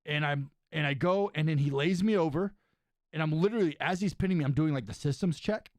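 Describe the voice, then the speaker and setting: A man's voice: fairly high pitch, a little fast, dry recording, clean studio sound. A young man, a podcast host who wrestles, telling a story in casual chat with lots of "right?" and "dude.". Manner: animated storyteller, says "right?" and "dude" often.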